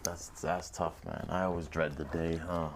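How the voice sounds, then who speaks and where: Low-voiced male podcast host. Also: little pitch movement, moderate pace. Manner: loose, rambling questions with slang. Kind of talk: interview questions, casual.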